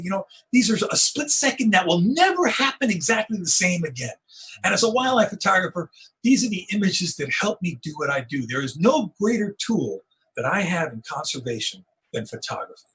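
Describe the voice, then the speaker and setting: A middle-aged man, a wildlife photographer, telling stories in an interview, acting out the moments with rising excitement. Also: high-pitched, husky, poor audio. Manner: animated storyteller, acts out moments with rising excitement. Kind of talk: storytelling interview on a video call.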